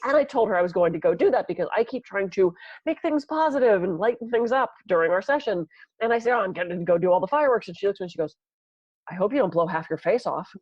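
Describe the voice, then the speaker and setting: A woman's voice: mid-range voice, animated, fast, darkish tone, husky, no room sound, dull audio. A woman co-hosting a podcast in casual chat, telling stories animatedly and acting out the people she quotes. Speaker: podcast co-host, massage therapist.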